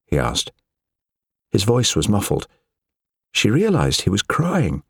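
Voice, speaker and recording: A man with a fairly low voice narrates an audiobook from a script, telling the story in a measured, expressive way. The sound is clean studio audio with no room sound.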